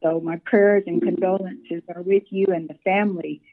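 Soft-spoken older woman on phone. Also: fairly low pitch, fairly even intonation, normal speed. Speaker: guest elder. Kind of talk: phone interview. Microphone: phone call. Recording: phone line.

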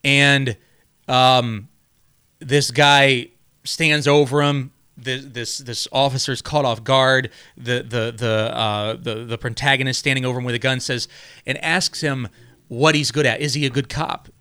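A man's voice: medium pitch, fairly even intonation, a little slow, pushed and bright, clear, resonant tone. A man in casual conversation, telling a long story with many restarts and frequent "right?" tags.

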